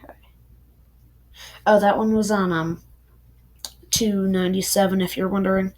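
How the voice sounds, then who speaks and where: A woman's voice: mid-range voice, fairly even intonation, normal speed, darkish tone, poor audio. A young woman casually reviewing a book, rambling and chatty with many fillers.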